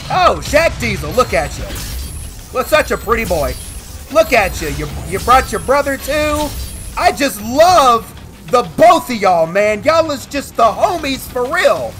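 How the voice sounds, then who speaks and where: A man's voice: very high voice, fairly bright tone. A man hosting a let's-play, trash-talking and whooping at enemies. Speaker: gaming video host.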